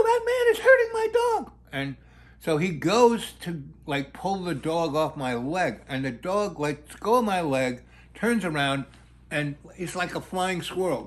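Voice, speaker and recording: A middle-aged man telling a long story in a rambling way, full of fillers and restarts. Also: a little high.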